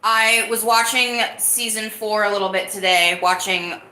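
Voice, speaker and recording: A woman's voice: medium pitch, steady tone, a little slow, pushed and bright, echoey room. A woman hosting her own live-stream podcast, talking casually and greeting viewers in the chat. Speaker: livestream podcast host.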